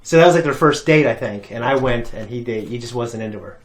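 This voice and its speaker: A man's voice: medium pitch, fast. A man chats loosely as a show host. His voice sits in an ordinary middle register, and he rambles through anecdotes, often breaking into laughter and filler words. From Ohio. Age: adult parent. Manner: animated, laughing, storytelling with lots of fillers. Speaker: reaction channel host. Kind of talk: casual chat.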